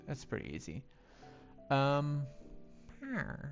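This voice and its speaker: A man's voice: mid-range voice, expressive, slow, gravelly. A man live-streaming a building game on a headset mic, rambling to himself with playful sound effects. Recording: faint music behind.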